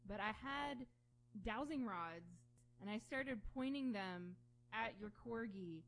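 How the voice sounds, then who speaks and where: A woman chatting casually as a podcast co-host, telling animated stories and acting out quoted voices. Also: on the high side, slow pace, a little hiss or hum. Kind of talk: casual chat.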